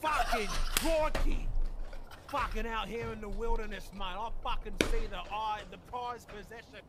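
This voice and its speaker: A man's voice: high voice, normal speed, lightly acted. A man voicing a swaggering male wildlife hunter in a parody outback-guide style, full of swearing, in a roleplay clip with noisy game audio. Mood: boastful. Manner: put-on Australian drawl, heavy swearing.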